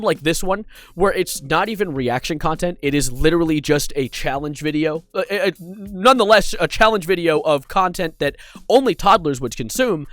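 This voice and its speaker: A man's voice: high-pitched, fairly bright tone. A man doing a commentary video, sarcastic and exasperated, swearing casually as he breaks down online drama. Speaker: YouTube commentator.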